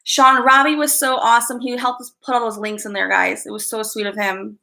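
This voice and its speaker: A woman's voice: fairly high pitch, little pitch movement, fairly quick, creaky, sharp tone. A woman hosting a casual live stream, chatting with her viewers, giggly and easily distracted. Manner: giggly, easily distracted, greets chat by name.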